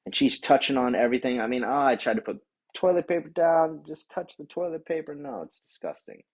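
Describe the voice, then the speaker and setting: A man telling a profane, animated rant about a bad day out, acting out the other people in the story. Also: mid-range voice, a little fast, lo-fi sound. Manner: animated, swears a lot, acts out voices of others. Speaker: vlogger.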